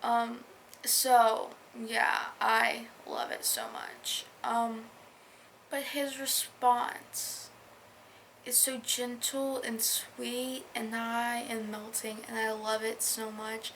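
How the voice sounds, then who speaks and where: A woman book vlogger chatting casually about her reading, gushing and enthusiastic, dropping into soft whispered asides. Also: on the high side, level tone, drawn-out words, slight background noise, poor audio. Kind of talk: casual reading-reaction chat.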